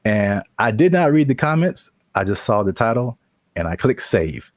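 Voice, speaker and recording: Brief: young male co-host, low-pitched, casual and rambling, dry close sound. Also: moderate pace, no echo. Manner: relaxed, rambling, frequent "uh"s. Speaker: podcast co-host. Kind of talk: casual chat.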